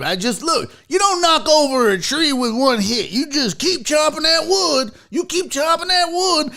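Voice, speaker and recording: A man putting on a folksy football coach giving a steady pep talk. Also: extremely high pitch, gravelly, voice pushed up, heavily acted.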